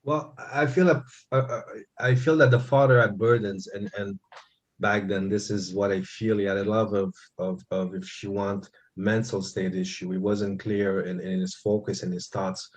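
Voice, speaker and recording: A low-voiced man working as a guest medium at a service. He relays messages quickly and earnestly, with a gently reassuring tone. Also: fairly even intonation. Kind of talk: mediumship reading at a church service.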